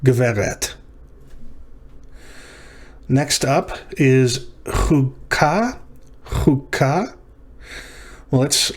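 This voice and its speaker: A male teacher working through practice exercises in a recorded lecture, thinking aloud with pauses and self-corrections. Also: fairly high pitch.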